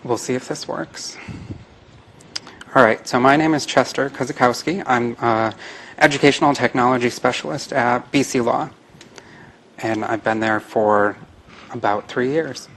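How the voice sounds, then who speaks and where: A man's voice: mid-range voice, a little slow, long pauses, fairly bright tone, slight background noise, low-quality recording. Man presenting at a conference. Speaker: conference panelist.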